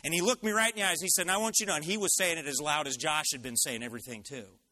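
A male pastor telling a personal story in an animated sermon. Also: on the high side, quick pace.

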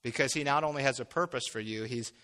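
A man preaching a conversational sermon, acting out imagined dialogue and building to loud, emphatic peaks. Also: mid-range voice, fast talker, big-room sound.

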